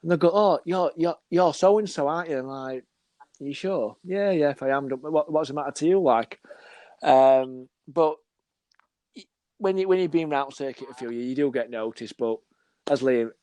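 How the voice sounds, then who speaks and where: A football scout appearing as a podcast guest chats casually, telling stories as an animated storyteller who acts out little bits of dialogue. His mid-range voice keeps a moderate pace, and there's no echo.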